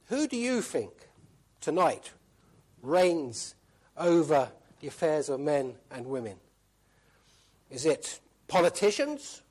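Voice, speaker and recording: A man's voice: a little high, sing-song, slow pace, pauses often, breathy edge. A man preaching a sermon, emphatic, repeating key phrases and asking rhetorical questions.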